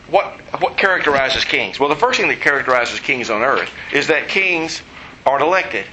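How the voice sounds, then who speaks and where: A man delivers a teaching sermon in a bright, forceful voice pitched slightly high. He explains scripture in a conversational way, dropping in light asides. A faint background noise sits under the recording. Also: low-quality recording. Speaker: preacher.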